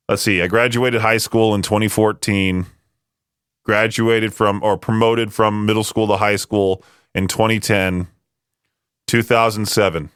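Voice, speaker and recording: A young man talks as a radio host, wandering from story to story and laughing at himself. His voice is smooth and clear and sits at a middle pitch. The studio sound is close and dry. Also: fairly bright tone, no echo. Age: late 20s. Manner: chatty, rambling, self-amused. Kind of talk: casual radio talk. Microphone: studio microphone.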